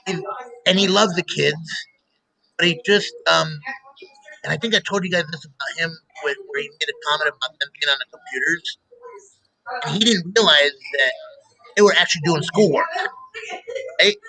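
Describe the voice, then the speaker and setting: Middle-aged male host, bright high voice; lively storyteller who laughs a lot. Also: normal speed, vocal fry, long pauses, low-quality recording. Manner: animated storyteller, laughs often. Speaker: show host. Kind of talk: casual radio-style chat.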